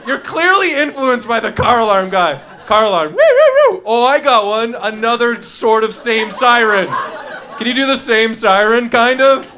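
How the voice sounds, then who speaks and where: At a moderate pace and an extremely high pitch, a man works a comedy club stage amid crowd noise. His stand-up is loose and profane, full of riffing with the audience and yelping sound effects.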